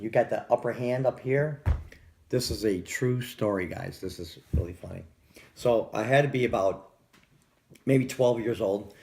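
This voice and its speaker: Middle-aged guy w a gravelly voice rambling, lots of restarts, average pitch. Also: darkish tone. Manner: rambling, stumbling restarts and repeated words. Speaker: vlogger. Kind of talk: casual rambling storytelling.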